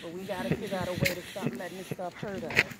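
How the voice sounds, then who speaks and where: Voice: medium pitch, level tone, fast talker, crowd noise. A person speaking reassuringly and soothingly in conversation outdoors. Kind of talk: casual conversation.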